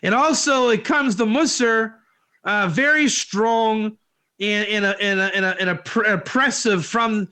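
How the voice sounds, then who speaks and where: A man's voice: sits high, unhurried, bright, forceful tone, clean tone. A man teaching an informal Torah class in a rambling way, with many rhetorical questions and tag questions.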